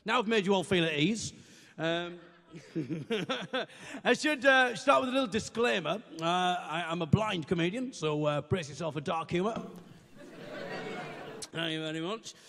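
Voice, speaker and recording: A man performing stand-up comedy at a live venue, trading deadpan, self-deprecating banter with the audience. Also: sits high, unhurried, gravelly, long pauses. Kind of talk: stand-up comedy with comic songs. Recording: long reverb of a hall.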